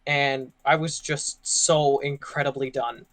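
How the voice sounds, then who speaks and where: A man's voice: mid-range voice, steady tone, takes it slowly, a bit bright. A young man casually telling a work story on a gaming podcast, rambling and full of "like" and "you know". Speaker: podcast co-host.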